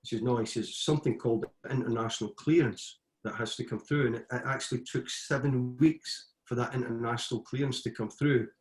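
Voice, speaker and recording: A middle-aged man spins football yarns in a casual, animated voice of medium pitch, stumbling and restarting as the stories tumble out. The recording carries a roomy echo. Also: fairly quick, hardly any pauses. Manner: anecdotal, animated retelling with frequent restarts. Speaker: guest, former footballer and coach. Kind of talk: casual storytelling.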